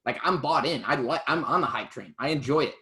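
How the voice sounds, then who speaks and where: A man co-hosting a casual podcast, chatty and quick to laugh, with plenty of fillers and trailing thoughts. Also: medium pitch, bright, forceful tone. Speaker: podcast co-host. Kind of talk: casual chat about MMA.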